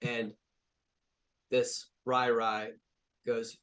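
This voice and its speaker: A man's voice: mid-range voice, steady tone, unhurried. Casual male game master narrating. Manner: casual, full of fillers and restarts.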